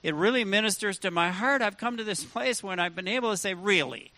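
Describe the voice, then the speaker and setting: A man's voice: high-pitched, fast talker, sharp tone, no echo. A man preaching a sermon as pastor, emphatic and full of rhetorical questions to the congregation.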